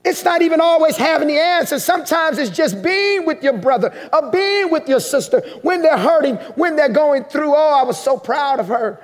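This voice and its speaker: A male pastor delivers a heartfelt sermon story in a strikingly high voice. He slows down and pauses to let emotional moments settle. The sound rings with long reverb from a church hall. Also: animated.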